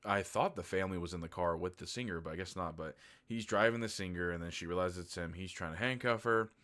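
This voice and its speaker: A man's voice: sits low, fast, a bit bright. A man giving a casual, rambling movie review, candid and loose, with lots of filler words and the odd swear.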